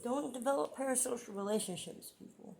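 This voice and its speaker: A woman's voice: on the high side, fairly quick, vocal fry, a little mellow, slight background noise. A woman vlogging about her own life in a rambling, emotional monologue, repeating herself as she gets frustrated. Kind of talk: emotional personal vlog monologue.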